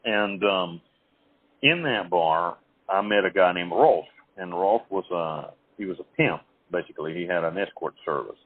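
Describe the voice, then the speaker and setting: A man's voice: deep voice, moderate pace, husky. A man telling stories from his past in an interview, rambling with many restarts and acting out what others said. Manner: rambling, with frequent restarts and acted quotes. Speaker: interview guest. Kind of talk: telling life stories over the phone. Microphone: phone line. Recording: tinny phone line.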